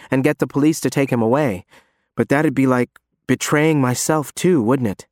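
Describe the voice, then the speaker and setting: Male audiobook narrator, mid-pitched, measured and tense, dry studio sound. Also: no room sound. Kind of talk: first-person scripted narration.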